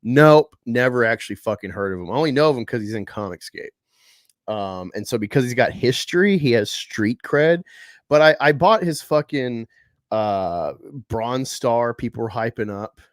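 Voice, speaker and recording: A man's voice: medium pitch, lively intonation, moderate pace, no echo. Man, live-stream host, casual comic talk, profane, sarcastic, rambling, dry close sound. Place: home room at a table.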